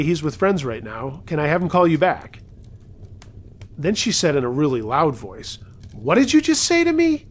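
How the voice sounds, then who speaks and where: A man narrates submitted true scary stories at a mid-range pitch. His reading is conversational rather than theatrical, and he drops in wry asides between the events.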